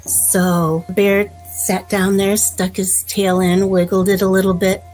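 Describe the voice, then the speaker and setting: Gentle woman telling a folk tale. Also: medium pitch, little pitch movement, faint music behind, low-quality recording. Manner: gentle, unhurried storytelling. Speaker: storyteller.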